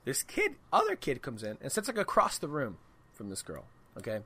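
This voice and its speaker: A man hosting a podcast, telling a story in casual chat, animated and swearing freely. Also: medium pitch, fairly quick, breathy edge, dry recording. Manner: animated, swearing, laughs through his story. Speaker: podcast host.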